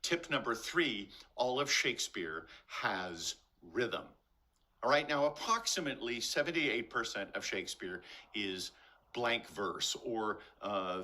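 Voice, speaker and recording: An older man teaches acting from his garage, his voice bright and forward. He talks with energy and taps out rhythms while bouncing a ball. He sometimes steps back from the camera mic, so his voice sounds farther away. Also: lowish voice. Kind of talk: instructional talk to camera. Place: garage with concrete floor.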